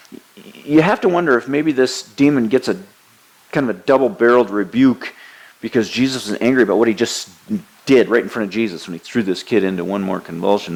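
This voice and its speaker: Man, sermon, gravelly voice, mid pitch, earnest teaching, emphatic quotes. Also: a little mellow, poor audio. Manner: frequent hesitations and restarts. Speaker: preacher.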